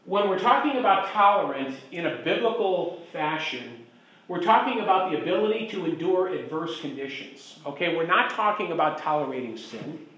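A pastor teaches a Bible class in an echoey room, speaking at a moderate pace in a high-pitched, expressive, somewhat bright voice. He is chatty and keeps checking with the group for agreement.

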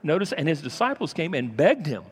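A man preaching a sermon from the pulpit, his somewhat high voice rising into loud, raised passages and dropping into quiet asides. The sound rings with the long reverb of a church hall. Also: sing-song, brisk, slight background noise. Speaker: pastor.

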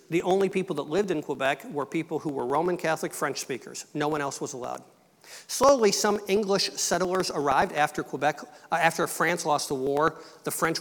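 A man's voice: on the high side, fairly bright tone. Missionary man speaking in an echoing church. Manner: conversational, storytelling, light humor. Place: church sanctuary.

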